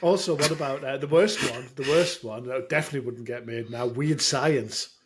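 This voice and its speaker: A man co-hosting a casual podcast chat, rambling and self-deprecating with halting restarts. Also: mid-range voice. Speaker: podcast co-host.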